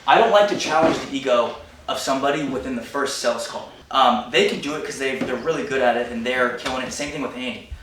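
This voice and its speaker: Young male sales trainer, 20s, rapid-fire coaching delivery, distant mic, noisy boomy room. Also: a bit bright. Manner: fast, punchy, coaching the team. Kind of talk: live sales training talk. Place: meeting room with team. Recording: echoey room, mic far off, background noise.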